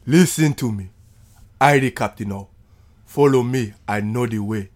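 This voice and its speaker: A man playing a bossy self-declared ship captain who barks loud commands, in a clip played on a podcast. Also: medium pitch, a little slow, close to an everyday voice. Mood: commanding.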